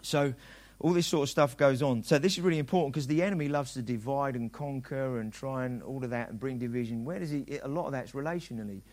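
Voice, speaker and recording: A man's voice: medium pitch, quick pace, hardly any pauses, a little mellow. A middle-aged man preaching a sermon as a pastor, talking conversationally and acting out dialogue in quoted voices.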